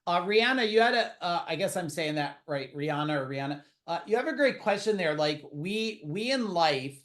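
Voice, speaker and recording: A man's voice: sits high, lively intonation, normal speed, a bit bright. A man hosting a livestream, talking in a loose conversational way and answering viewer questions. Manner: conversational, many fillers and restarts. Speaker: host.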